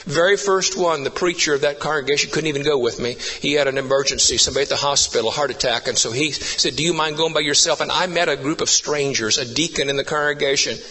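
A man preaching with an earnest, storytelling delivery that climbs into emphatic, repeated lines. His voice sits a touch high, bright and forceful with a husky edge. It carries a long reverb from a large church hall. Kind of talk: sermon.

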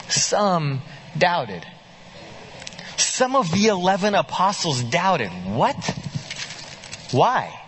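Male pastor, sermon delivery, high bright husky voice, animated and questioning. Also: slow pace, long pauses, a little hiss or hum.

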